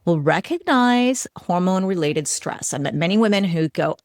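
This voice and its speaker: A middle-aged woman hosting a solo educational podcast, chatty and animated, laughing now and then. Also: fairly low pitch, moderate pace, hardly any pauses, no echo, studio quality. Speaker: podcast host.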